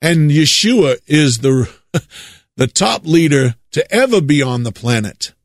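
A man from the United States preaching a monologue, leaning hard on drawn-out stresses and repeating words for effect. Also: on the high side, very animated, no room sound, clean studio sound.

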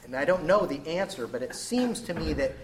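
A man in a Bible study group speaking reflectively and hesitantly, with many pauses and fillers. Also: a little high, animated, noisy background. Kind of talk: group discussion.

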